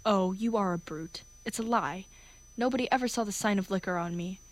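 A woman's voice: a little high, lively intonation, moderate pace, natural voice. A woman reading the part of a defiant young flower girl with a Cockney accent, indignant and protesting. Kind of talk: amateur play reading.

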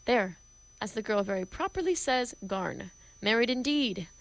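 A woman's voice: on the high side, expressive, normal speed, low-quality recording. Woman voicing an imperious male professor, brusque, theatrical, play reading. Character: domineering male phonetics professor.

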